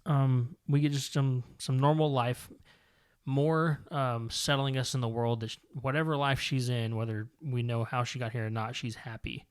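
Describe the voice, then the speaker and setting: A man's voice: mid-range voice, fairly even intonation, normal speed, clean tone. A man co-hosting a comic book podcast, recapping the story in a casual, rambling way with many fillers and self-corrections. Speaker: podcast co-host.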